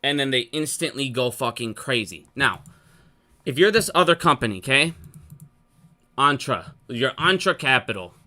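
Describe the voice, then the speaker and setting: Bright-voiced, heated, profane rant. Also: medium pitch, lively intonation, normal speed. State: frustrated. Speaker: stock market commentator. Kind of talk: unscripted solo rant to viewers.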